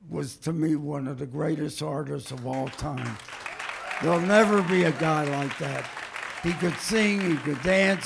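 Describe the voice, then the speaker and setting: Older comedian, a man, slow and raspy, spinning fond stories. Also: fairly high pitch. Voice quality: gravelly. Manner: warm anecdotal storytelling, repeats himself. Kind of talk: reminiscing interview.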